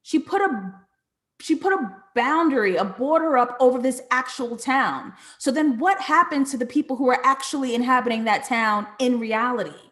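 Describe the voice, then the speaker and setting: A woman hosts a live streamed breakdown of a series, thinking out loud and answering her chat as she goes. Her voice sits a little high, and she delivers it in an animated, conversational way. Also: moderate pace. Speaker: live show host reading chat comments. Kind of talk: casual live-stream commentary.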